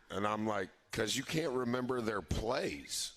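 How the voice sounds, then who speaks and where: A man, a head basketball coach, telling an animated story on a radio show, chuckling often and jumping up in pitch when he quotes himself. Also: a little slow, vocal fry, few pauses. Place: live broadcast from a barbecue restaurant.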